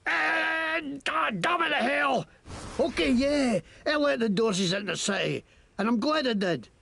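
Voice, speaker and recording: A man's voice: very high-pitched, expressive, measured pace, sharp tone, heavily acted. An actor playing a crude, boastful male shopkeeper and crook with a put-on Scottish accent, in a video game. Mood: defiant. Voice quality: gravelly, profane, blustering.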